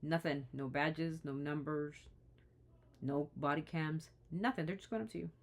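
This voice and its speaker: Low-voiced woman in an impassioned rant. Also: normal speed. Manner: indignant and pleading, with frequent restarts. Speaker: vlogger. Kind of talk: impassioned opinion vlog.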